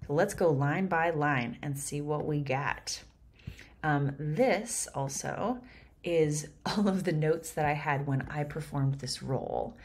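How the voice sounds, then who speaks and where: A woman and actor explaining a Shakespeare scene line by line, lively and chatty with quick laughs. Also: sits low, husky.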